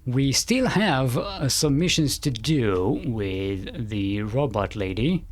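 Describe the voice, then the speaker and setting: A man's voice: medium pitch, very animated, slow pace, crowd noise. A man streaming a video game, thinking aloud in a hesitant, rambling way. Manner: rambling, hesitant, self-correcting. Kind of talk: thinking aloud while playing.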